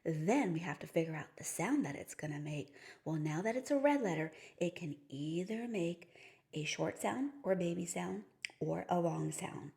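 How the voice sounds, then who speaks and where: Gravelly-voiced woman teaching phonics. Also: lowish voice, expressive, normal speed, darkish tone. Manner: patient, explaining step by step with playful story cues. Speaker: reading teacher. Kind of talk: phonics lesson for teachers and parents.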